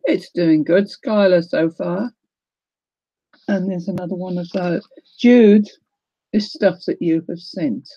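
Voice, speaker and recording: Gushing woman with a mellow, dull sound. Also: fairly low pitch, unhurried, breathy edge, no room sound. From New Zealand. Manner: gushing, emotional, exclaiming. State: tearful. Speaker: crafting livestream host. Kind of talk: casual live unboxing chat.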